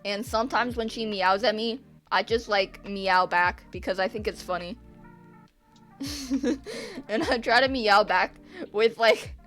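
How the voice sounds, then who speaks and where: With faint music behind her, a teenage girl who streams her art talks to viewers slowly in a medium-pitched, fairly bright voice. She's giggly and sarcastic, laughing often and talking back to chat as she draws.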